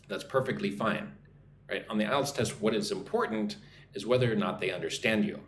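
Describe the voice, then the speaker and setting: A man with an American accent teaching a live English lesson, often checking in with "right?" and reading viewer comments aloud. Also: fairly low pitch. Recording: echoey room, faint background noise.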